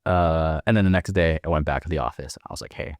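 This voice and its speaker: Veteran man in his thirties, low-pitched, dry and close; laid-back, profane storyteller for an interview. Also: fast talker, dry recording. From Northern California. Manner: laid-back and profane, acts out quoted dialogue. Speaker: podcast guest, military veteran.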